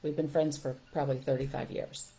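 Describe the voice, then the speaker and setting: Mellow-voiced older woman telling stories. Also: deep voice, brisk. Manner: storytelling, emphatic, expressive. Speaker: parenting show host. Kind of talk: casual talk to listeners.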